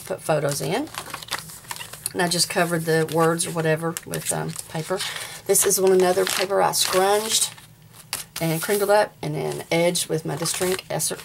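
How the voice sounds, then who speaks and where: Fairly low-pitched and creaky, her voice comes through with some background noise. Chatting to viewers in a casual vlog, the Southern-accented woman in her forties, from the American South, shows and tells about a handmade craft journal.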